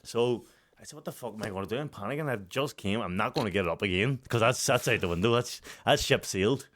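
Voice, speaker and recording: On the low side and fast, the voice belongs to a Northern Irish man in his 30s co-hosting a podcast and telling a casual story. It's an animated, foul-mouthed telling punctuated by frequent laughter.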